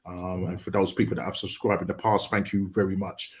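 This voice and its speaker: A middle-aged man hosting a podcast, talking casually in a halting, subdued way with many ums and uhs. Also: low-pitched, little pitch movement, a little hiss or hum. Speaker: podcast host.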